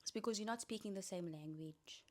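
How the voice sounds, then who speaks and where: A woman's voice: mid-range voice, brisk. Woman podcaster chatting away, coachy and playful, solo show. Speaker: podcast host. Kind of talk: casual solo podcast talk.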